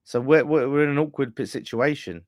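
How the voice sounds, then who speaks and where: A man's voice: medium pitch, brisk, a little mellow, no room sound, studio quality. A man hosting a casual fan live stream, ranting bluntly with swearing and laughter. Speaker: fan channel host.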